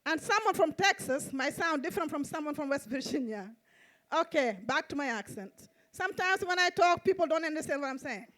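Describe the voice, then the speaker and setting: A woman with a Mauritanian accent, a native Fulani speaker, reciting a spoken-word poem in a measured, rhythmic way on an outdoor festival stage. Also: high-pitched, lively intonation, a bit bright. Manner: measured, repetitive rhythmic delivery. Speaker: poet and event host.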